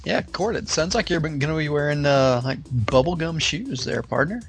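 A man's voice: on the high side, lively intonation, moderate pace, soft background music. A man co-hosting a casual podcast, laid-back and teasing, with a slangy manner. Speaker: podcast co-host. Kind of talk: casual chat.

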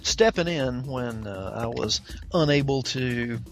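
A man's voice: mid-range voice, expressive, takes it slowly, soft background music. A man with a Southern US accent co-hosting a gaming podcast, joking and rambling in casual chat. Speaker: podcast co-host.

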